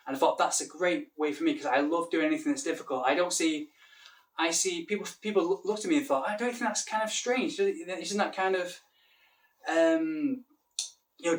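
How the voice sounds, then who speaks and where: A man's voice: fairly high pitch, a bit bright, recorded from a distance. A man with a Mancunian accent, an English teacher talking casually to camera, rambling and restarting his sentences. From Manchester, England.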